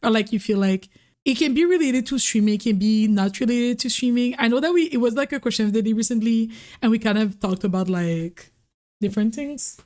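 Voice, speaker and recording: A young woman with a fairly high voice hosts a casual streamer interview. She talks in a relaxed, rambling way, and her sentences often trail off into "like" and "I don't know". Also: a little fast. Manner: relaxed, chatty, trailing off with fillers. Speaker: interview host.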